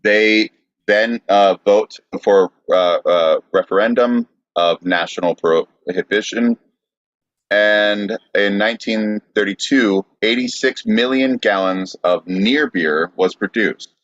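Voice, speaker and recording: Deep-voiced man reading his notes. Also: a bit bright, dry recording, dull audio. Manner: halting, reading from notes with fillers. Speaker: podcast co-host. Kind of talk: casual chat, presenting history notes.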